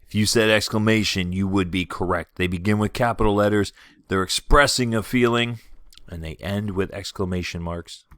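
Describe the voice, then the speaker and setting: A man teaching a third grade class in a video lesson, explaining clearly and patiently, reading example sentences slowly and expressively. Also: fairly low pitch, steady tone, fairly bright tone, no room sound, studio quality.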